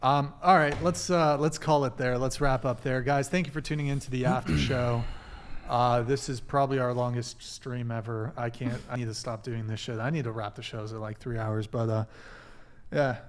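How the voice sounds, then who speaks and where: A man's voice: medium pitch, fairly even intonation, normal speed. A man hosting a live stream after-show, chatting loosely, swearing and trailing off mid-sentence. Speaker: host. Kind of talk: casual live-stream chat.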